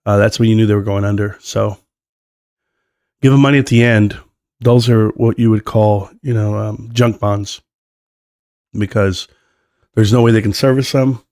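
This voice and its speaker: A man's voice: lowish voice, fairly even intonation, normal speed, pauses often, a little mellow, no echo. Coughing man host, dry close sound. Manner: rambling, coughs and clears throat often. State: sick, coughing and hoarse. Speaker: live stream host. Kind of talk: casual live-stream commentary.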